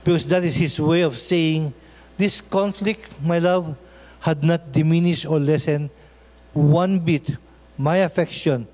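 Filipino pastor preaching in a reverberant hall. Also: male voice, a little high, measured pace, darkish tone. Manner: switches between English and Tagalog, asks "okay?" often. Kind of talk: sermon. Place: church.

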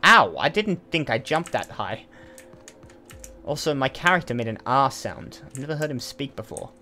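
A man's voice: mid-range voice, lively intonation, moderate pace, sharp tone, faint music behind. A man hosting a let's play, giving chatty, casual commentary and thinking aloud with asides as he plays.

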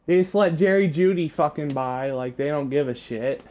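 A man's voice: on the high side, moderate pace, highs cut off. A man ranting and swearing constantly while commentating his own football video game match. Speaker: gamer. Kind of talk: live gameplay commentary.

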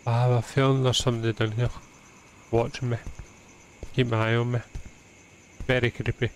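A man's voice: medium pitch, flat delivery, normal speed, a little hiss or hum. A young man giving profane, exasperated commentary while playing a video game. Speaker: gaming channel host. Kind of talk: let's play commentary.

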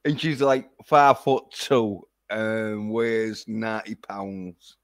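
A man's voice: fairly low pitch, steady tone, drawn-out words. A man ranting profanely in a casual livestream. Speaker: vlogger.

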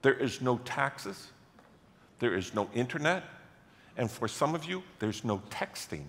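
Animated male pastor preaching in a hall. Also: medium pitch, unhurried, slight background noise. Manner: storytelling, acts out quoted voices, builds to loud animated passages. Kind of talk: sermon. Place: church sanctuary. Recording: long church hall reverb.

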